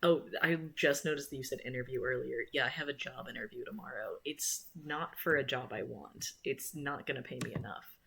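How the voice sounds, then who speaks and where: Young American streamer, husky mid-pitched voice, loose self-deprecating chatter. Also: fairly quick, hardly any pauses, pushed and bright. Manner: rambling, self-mocking, laughs often. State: sore mouth after dental surgery. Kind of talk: casual live-stream chat.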